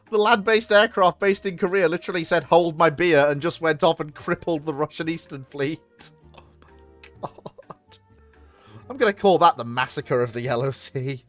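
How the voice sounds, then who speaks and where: A streamer, commenting live on a strategy game and bursting into loud exclamations. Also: mid-range voice, animated, moderate pace, soft background music.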